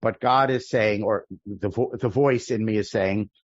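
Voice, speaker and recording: A man teaching a prayer-book class as a rabbi, explaining the text line by line in a thoughtful way, often pausing and restarting mid-sentence. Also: on the low side, fairly even intonation, no room sound, highs cut off. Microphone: video call.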